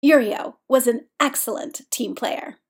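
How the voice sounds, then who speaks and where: Brief: woman audiobook reader, a touch high, steady pace. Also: a little slow. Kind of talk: scripted narration.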